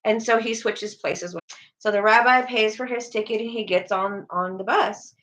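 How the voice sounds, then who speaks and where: A woman's voice: medium pitch, moderate pace, rough recording. A woman co-hosting a casual religious talk show, chatting and telling stories with acted-out quotes. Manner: chatty storyteller, acts out quoted voices. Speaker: co-host.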